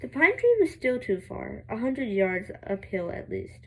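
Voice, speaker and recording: A young woman reading a novel aloud, halting and restarting words, with giggling asides. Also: medium pitch, very animated, a little mellow, slightly rough, rough recording. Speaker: amateur reader.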